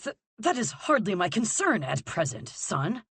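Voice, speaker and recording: A man's voice: high voice, big pitch swings, unhurried, fairly bright tone, slightly rough, no echo, pitched above the performer's own voice, heavily acted. Woman voicing a pleading older nobleman. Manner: pleading, earnest.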